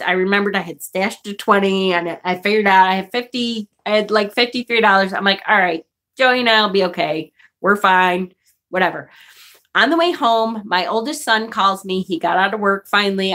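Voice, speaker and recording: A middle-aged woman casually telling a story on her vlog, animated and profane, jumping into high outraged bursts when she replays arguments. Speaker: vlogger. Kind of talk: casual storytelling vlog, reading live chat.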